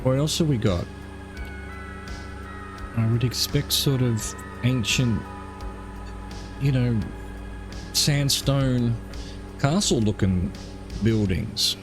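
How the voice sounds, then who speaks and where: A man's voice: medium pitch, slow, long pauses, music in the background. A man streaming a flight simulator, giving casual commentary as he muses aloud with wry asides.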